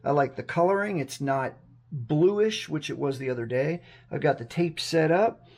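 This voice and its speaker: A hoarse man chatting casually to his vlog camera at home, rambling and talking himself through each step. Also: on the high side, normal speed. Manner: chatty, rambling, self-talk. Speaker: vlogger. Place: room at home. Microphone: action camera on a mini tripod.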